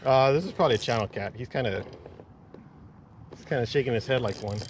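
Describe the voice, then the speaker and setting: A man vlogging while fishing from a kayak, talking excitedly to viewers and swearing often. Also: medium pitch, quick pace, slight background noise. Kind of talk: casual vlog narration. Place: on a kayak outdoors on the water.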